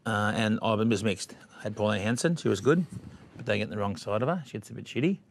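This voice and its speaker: A man's voice: lowish voice, fast, gravelly. A middle-aged Australian man, a guest, telling brash and bawdy anecdotes in chat. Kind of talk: storytelling chat.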